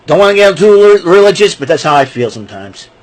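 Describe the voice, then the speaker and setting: A man's voice: high voice, quick pace, low-quality recording. A man talking casually to camera in a rambling, jokey monologue, ranting and laughing at himself. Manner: excitable, jokey, rants then laughs. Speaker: vlogger.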